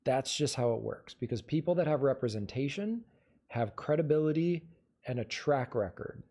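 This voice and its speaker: Guy on a livestream giving advice, low mellow voice, chatty and loose. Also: animated, normal speed. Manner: conversational, advice-giving, restarts words. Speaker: livestream host. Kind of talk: casual livestream chat answering viewer questions.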